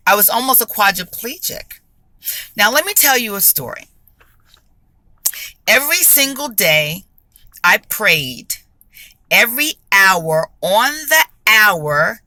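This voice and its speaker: A woman giving a spoken faith testimony, emphatic and deliberate, repeating phrases for stress. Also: medium pitch, sharp tone, no echo. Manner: slow and deliberate.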